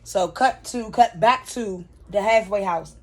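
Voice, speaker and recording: Woman vlogger, casual episode recap, chatty asides, mid pitch. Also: measured pace, husky.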